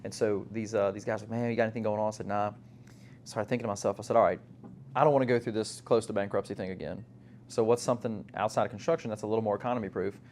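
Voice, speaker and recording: A man's voice: on the low side, rapid-fire, slight background noise. A man from South Louisiana, telling stories in casual chat and acting out the quotes with lots of laughter. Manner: animated storyteller, acts out quotes in a raised voice, laughs often. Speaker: guest, company owner.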